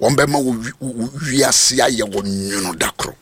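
A Ghanaian man preaching a sermon, mixing Twi and English and swinging from low speech to high shouts. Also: moderate pace, slight background noise.

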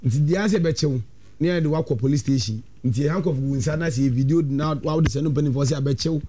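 A man with a Ghanaian accent, a talk-show guest, recounting events in an animated storytelling way. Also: on the high side, a little fast, a little hiss or hum. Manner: animated, storytelling with quoted dialogue. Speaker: studio guest.

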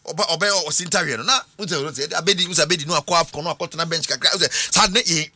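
A man's voice: a little high, racing, dry recording, soft background music. A man hosting a casual sports chat, switching between English and Twi. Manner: lively, mixing English and Twi. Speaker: radio sports host.

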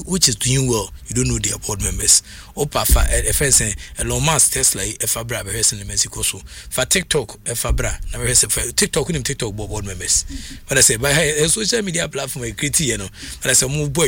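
Ghanaian man, sports radio host, bright and husky, rambling talk. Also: mid-range voice. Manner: animated, rambling, many fillers. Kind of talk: casual talk commentary.

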